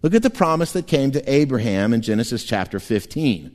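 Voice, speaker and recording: A man preaching a sermon as pastor, animated and playful, often laughing and slipping into quick voices. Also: medium pitch. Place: church sanctuary. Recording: long church hall reverb.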